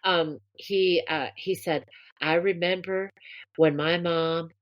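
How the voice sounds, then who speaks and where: Female co-host, low voice, animated warm storyteller, casual chat. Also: slow. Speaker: podcast co-host.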